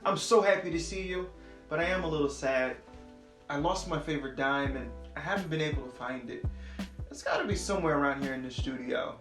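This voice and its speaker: A man hosting a children's art show, friendly and expressive as he tells a story. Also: on the high side, fairly quick. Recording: echoey room with music.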